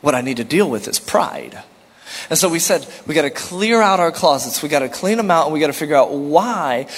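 A man's voice: a little high, big-room sound. A man preaching a sermon as pastor, earnest and repetitive, asking rhetorical questions and slipping in light jokes.

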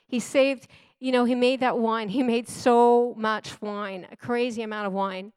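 A woman's voice: a little high, steady tone, unhurried, a little mellow, clear, resonant tone, no room sound. A middle-aged woman preaching a sermon in an earnest, emphatic way, repeating key phrases for stress.

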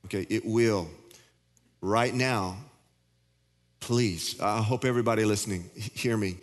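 A man's voice: on the low side, unhurried. A man preaching a sermon as pastor, plain-spoken and folksy with joking asides. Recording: long reverb of a big hall.

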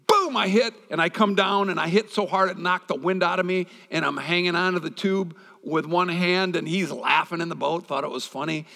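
A male pastor delivers a sermon in a relaxed, conversational way, weaving scripture together with stories from his own life. His voice sits a little higher than most men's, and a long reverb trails behind him as if he were speaking in a large hall. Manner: conversational preaching with personal stories.

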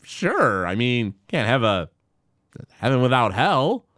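Animated man recapping a cartoon. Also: medium pitch, no room sound, studio quality. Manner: animated retelling with quick quoted impressions, frequent fillers. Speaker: podcast host. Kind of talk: casual chat recapping a cartoon episode.

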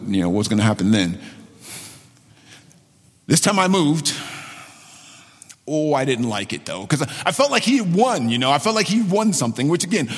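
Man in his forties preaching in a reverberant hall. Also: medium pitch. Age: 40s. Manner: candid personal storytelling, repeats himself for emphasis. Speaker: pastor. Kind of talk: conversational sermon. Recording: long reverb of a large hall.

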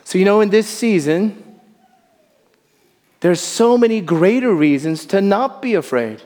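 A male pastor preaching a sermon in a church, animated, dropping to soft emphasis. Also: on the high side, slow pace, long pauses, in a large hall. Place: church sanctuary.

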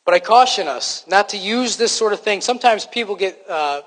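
A man with a high voice delivers a sermon in an easy, conversational way, often stumbling and restarting, and poking fun at himself. His words ring out with a long reverb, as in a large church hall. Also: animated, moderate pace, a bit bright. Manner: conversational, self-deprecating, frequent restarts. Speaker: preacher.

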